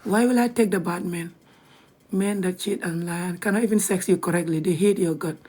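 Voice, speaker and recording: Fairly low in pitch and slightly rough, with a dark tone, the young woman talks fairly quickly. She has a Gambian accent and keeps her live-video chat blunt, laughing often and slipping into whispers at times.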